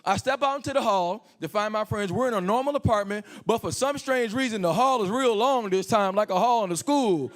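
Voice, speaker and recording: High-voiced animated male comic. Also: brisk, hardly any pauses. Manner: animated, crude, storytelling. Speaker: stand-up comedian. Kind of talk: stand-up comedy set. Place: comedy club stage.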